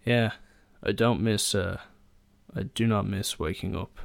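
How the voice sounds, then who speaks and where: A man's voice: fairly low pitch, fairly even intonation, measured pace, creaky, no room sound. A young man, hosting a solo podcast and telling rambling stories in a casual chat, full of fillers and restarts. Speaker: podcast host.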